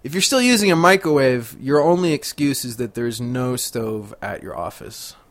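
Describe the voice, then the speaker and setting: Male podcast host, chatty and rambling, quick to laugh. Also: medium pitch, animated, fairly bright tone. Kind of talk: rambling comic monologue.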